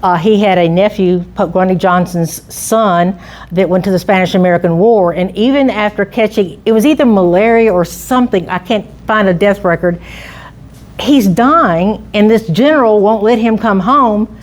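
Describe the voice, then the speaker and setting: A woman's voice: medium pitch, normal speed. A middle-aged woman giving an informal public talk on local history, chatty and full of restarts and asides.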